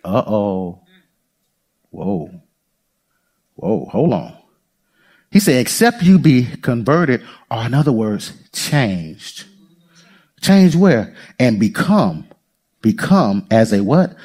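A man's voice: fairly high pitch, slightly rough. A man preaching a sermon as pastor, calling out to the congregation and acting out voices. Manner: animated preaching, calls to the congregation, acts out voices.

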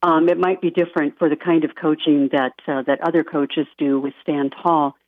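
Woman, phone-line sound, dry, soft-spoken, earnest, radio guest. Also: deep voice, fairly even intonation, normal speed, dry recording. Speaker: life coach guest. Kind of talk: radio interview answers.

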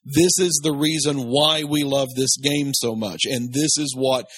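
Male co-host, husky voice, blunt and exasperated, dry close sound. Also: medium pitch, steady tone, measured pace, a bit bright, no room sound. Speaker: podcast co-host. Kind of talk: casual chat reviewing a film.

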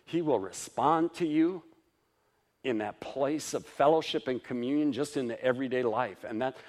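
A man's voice: mid-range voice, moderate pace. Chuckling, conversational male pastor preaching. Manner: informal and conversational, chuckles between points; lively, swings up for emphasis and down for tender asides. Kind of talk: sermon.

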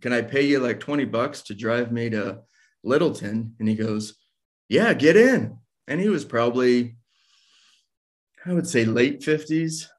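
A man's voice: mid-range voice, normal speed. Casual man telling a personal story. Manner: casual, self-deprecating, laughs while telling.

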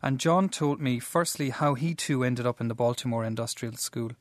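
An Irish man working as a radio reporter, explaining his story in a measured way with the odd filler. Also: medium pitch. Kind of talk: radio report and studio discussion.

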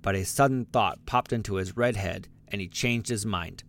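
A man's voice: lowish voice, moderate pace, vocal fry. Man reading a storybook aloud. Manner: lively, expressive reading with character voices. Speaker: audiobook narrator. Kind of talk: scripted storybook narration.

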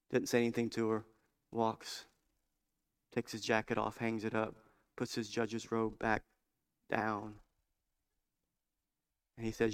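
A man's voice: on the low side, clear, resonant tone. Fervent storytelling male preacher. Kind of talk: sermon.

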